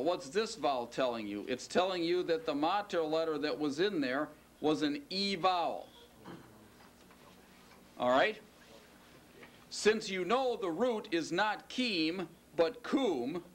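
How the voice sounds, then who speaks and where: There's a little hiss or hum behind this man's slightly high, fairly bright voice. He teaches Hebrew, lecturing and quizzing his class while stretching out the stressed words.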